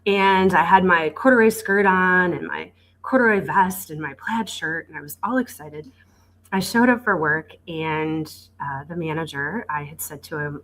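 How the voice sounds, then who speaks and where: A woman in her forties telling her career story in a podcast interview, animated and acting out quoted dialogue, with frequent stammered restarts. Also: deep voice, normal speed, poor audio. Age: 40s. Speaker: guest, dealership executive. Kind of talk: conversational storytelling.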